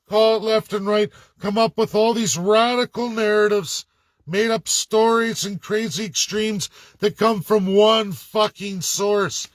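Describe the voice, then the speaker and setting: A man's voice: on the high side, no echo. Sarcastic ranting man, dry sound. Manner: blunt, sarcastic and profane, mocking put-on voices. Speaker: political commentator. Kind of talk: angry rant to camera.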